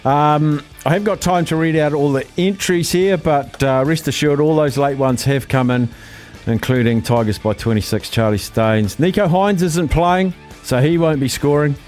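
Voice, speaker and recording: A man hosting a casual radio show, reading out listener texts with brisk, jokey asides. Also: a little high, a little mellow, faint music behind. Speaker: radio host.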